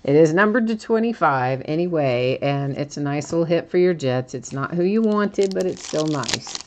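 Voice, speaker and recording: Low-voiced woman chatting through a card break. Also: lively intonation, moderate pace, darkish tone, slight background noise. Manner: chatty and self-teasing, laughs often; stumbles over player names. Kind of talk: live-stream card break commentary.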